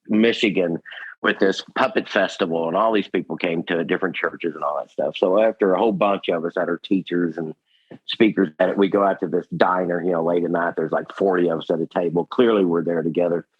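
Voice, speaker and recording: Man in his 60s, low-pitched, dry close sound, animated and laughing storyteller. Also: fairly quick, husky, no room sound, highs cut off. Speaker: guest puppeteer. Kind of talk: casual storytelling.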